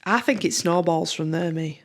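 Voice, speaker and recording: Woman, low-ish voice, loose and giggly book-club chat. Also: normal speed. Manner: laughs often, trails off mid-sentence. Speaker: podcast co-host.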